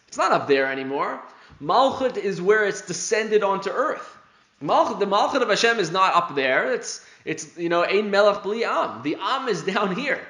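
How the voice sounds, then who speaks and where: A man giving an earnest, animated Torah lesson, his voice climbing when he stresses a point and breaking into wry chuckles. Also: a little high. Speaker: Torah teacher. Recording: roomy echo.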